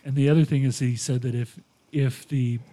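Man retelling a story with animated quotes. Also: mid-range voice, normal speed. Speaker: podcast host. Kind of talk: casual storytelling chat.

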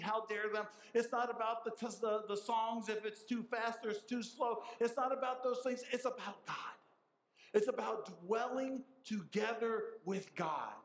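A man's voice: high-pitched, roomy sound, low-quality recording. A man preaching a sermon as pastor, emphatic and repeating his key phrases for stress. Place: church sanctuary.

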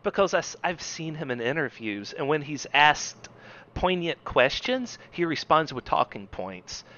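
A man in casual chat, opinionated and quick to jump into comic bits. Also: on the high side, very animated, bright, forceful tone. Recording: dull lo-fi sound.

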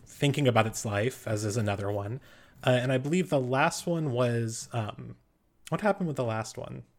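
Guy dming a tabletop game, loose improvised narration, average pitch. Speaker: game master.

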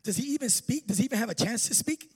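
A male pastor delivers a lively, joking sermon with a singsong preaching cadence. His voice sits very high for a man and sounds husky. The hall trails every phrase with a long reverb. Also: quick pace. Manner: preaching with sing-song emphasis and jokes. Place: church hall.

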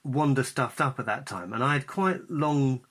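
Bright-voiced wry man. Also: mid-range voice, normal speed. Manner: wry, self-deprecating storyteller. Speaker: podcast co-host. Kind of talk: casual chat.

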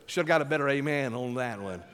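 A male pastor preaching a sermon with emphatic, drawn-out delivery, calling for responses from the congregation. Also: medium pitch, lively intonation, a bit bright. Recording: long hall reverb.

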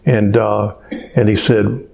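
A man preaching a sermon as pastor, telling a story in a slow, unhurried way. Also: fairly low pitch, level tone, gravelly, darkish tone.

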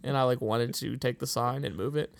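A young man from Pittsburgh chats casually as a co-host, a faint local accent under his words. His voice carries a gravelly edge and he laughs easily while telling stories. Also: mid-range voice, steady tone, fairly quick. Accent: slight Pittsburgh. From Pittsburgh, USA. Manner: chatty storyteller, laughs often. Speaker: podcast co-host. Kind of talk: casual chat.

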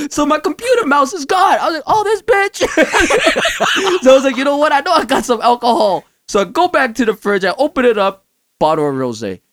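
A man's voice: extremely high pitch, very animated, fast talker, a bit bright, no room sound. A man telling a rowdy, profane story in casual chat, laughing often as he goes. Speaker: podcast co-host telling a story.

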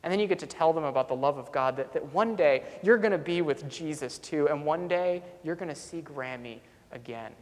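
A man's voice: a little high, fairly quick, few pauses. A man preaching a sermon as a pastor, telling a story earnestly and coming back to a repeated refrain. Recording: long reverb in a large hall.

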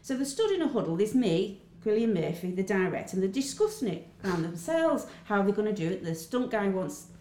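A woman's voice: medium pitch, fairly quick, few pauses. An actress, chatting as an interview guest and acting out the dialogue as she tells her stories. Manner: animated storyteller, acts out dialogue. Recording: echoey room with faint ambience.

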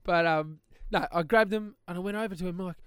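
A young adult man co-hosting a podcast tells a story in casual chat, laughing a lot and performing the voices of people he quotes. His voice is high-pitched, a bit bright and clean, a little fast, recorded dry with clean studio sound.

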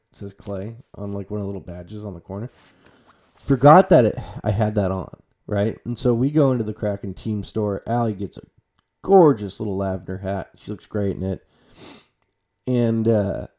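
A young man with a lowish, mellow voice talks casually to his viewers. He rambles in a loose, profane way, drops to a mutter at the ends of phrases, and jumps up loud and high when he acts out his own panicked reactions. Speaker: vlogger.

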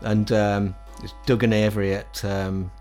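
A middle-aged man with a Northern English accent and a fairly low voice. He tells stories at an easy, animated pace, often slipping into other people's voices to quote them. It is a casual interview. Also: a little slow, faint music behind. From England. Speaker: guest musician.

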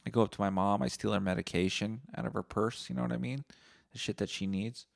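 A man's voice: on the low side, fairly even intonation, fast talker, vocal fry, no room sound, studio quality. A man, hosting a solo podcast and rambling through profane, jokey stories. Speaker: podcast host. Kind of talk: solo comedic podcast monologue.

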